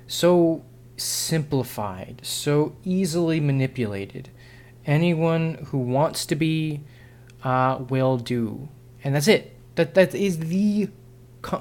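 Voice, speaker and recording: A man's voice: on the high side, a little mellow. A man vlogging an unscripted opinion monologue, frustrated and sarcastic, rambling with frequent restarts and self-corrections.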